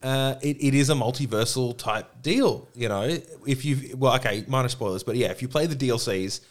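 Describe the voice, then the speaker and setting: A man co-hosting a podcast, talking in casual, animated, rambling chat and swearing freely. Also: medium pitch, fairly quick. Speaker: podcast co-host.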